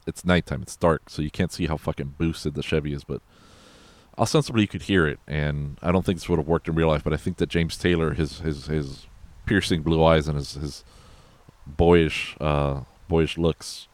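Man, extremely low voice, profane casual movie recap host, dry close mic. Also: fairly even intonation, brisk, no echo. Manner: rambling, profane, loose and conversational. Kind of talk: casual film recap chat.

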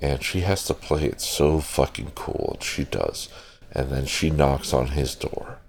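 A podcast host with an unhurried bass voice and some vocal fry reviews a film in a casual, rambling way. He wanders off on tangents, swears freely, and corrects himself as he goes.

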